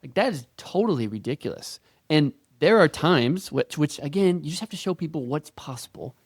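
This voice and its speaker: A man's voice: a little high, animated, moderate pace, no echo, studio quality. A man co-hosting a casual podcast, talking earnestly and casually. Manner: earnest, calls everyone dude. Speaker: podcast co-host.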